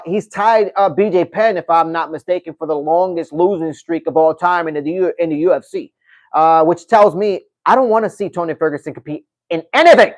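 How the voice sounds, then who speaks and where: A man's voice: high-pitched, dry recording, poor audio. A man, hosting a live stream and chatting casually with viewers in a laid-back, slangy way. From New York City. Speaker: livestream host. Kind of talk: casual live-stream chat reading comments.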